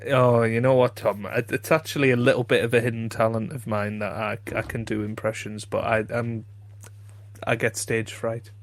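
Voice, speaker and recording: A man co-hosting a comedy podcast in a casual chat, self-deprecating and quick to laugh, with frequent stammering restarts. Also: mid-range voice, flat delivery. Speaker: podcast co-host.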